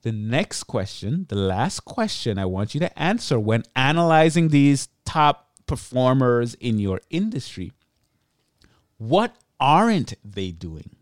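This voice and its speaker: Male solo podcaster, tired but energetic, talks straight into a dead-dry mic. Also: mid-range voice, slow, no room sound. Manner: energetic, chatty, self-deprecating asides. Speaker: podcast host. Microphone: close podcast mic.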